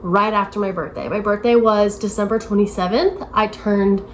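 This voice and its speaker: A woman's voice: mid-range voice, moderate pace, a little hiss or hum, poor audio. A woman in her late twenties talking casually to camera in a rambling, self-deprecating way, full of "like" fillers. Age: 20s. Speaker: vlogger. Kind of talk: casual vlog chat. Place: at home, moving to her desk.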